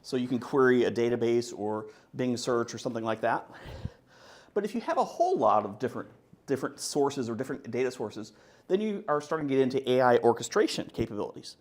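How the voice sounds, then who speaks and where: A man giving a conference talk, joking and animated as he presents. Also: medium pitch, fast talker. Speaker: conference speaker.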